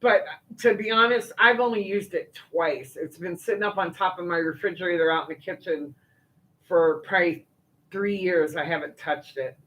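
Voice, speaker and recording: An older woman hosts a livestream, reading viewer comments in a casual, folksy chat packed with fillers and asides. Her voice is lowish and fairly bright, at a normal pace, and the audio is poor.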